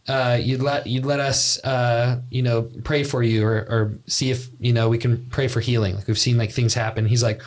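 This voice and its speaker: A young man on a podcast tells a long story in a relaxed, rambling way, full of fillers and restarts. His voice sits at an ordinary middle pitch for a man. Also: normal speed, hardly any pauses. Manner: rambling, filler-heavy, laughs at own story. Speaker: podcast co-host. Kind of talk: casual storytelling chat.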